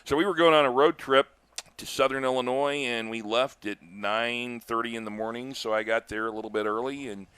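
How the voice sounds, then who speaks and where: An older man doing live baseball play-by-play, chatty and telling stories between pitches, lifting his voice on big plays. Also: brisk, fairly bright tone, clean tone, no echo. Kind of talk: live baseball commentary with chat.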